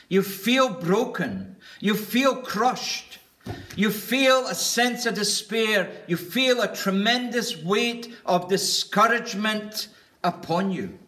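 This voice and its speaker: A man preaching with a high, bright voice at an unhurried pace. He speaks earnestly and deliberately, lingering on each word as he builds a list. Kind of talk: sermon.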